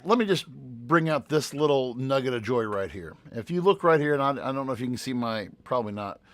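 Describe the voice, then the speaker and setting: A man's voice: medium pitch, expressive, a little fast, a bit bright, no echo. A man co-hosting a casual podcast who works as a teacher, rambling and restarting as he reads out numbers. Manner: rambling, with many restarts while reading out figures.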